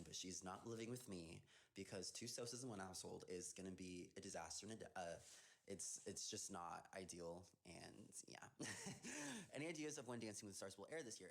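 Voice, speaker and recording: A young man chats on a livestream over his phone, answering fan questions one after another. His voice sits a little on the low side, and he talks in an effusive, rambling way full of "like" and "oh my gosh.". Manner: chatty and effusive, with many fillers like "like". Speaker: dancer hosting a livestream.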